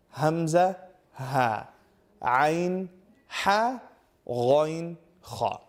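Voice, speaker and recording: A man teaching Quran recitation to camera, patiently repeating letter sounds slowly for the viewer. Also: medium pitch, darkish tone. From United Kingdom. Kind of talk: tajweed lesson to camera.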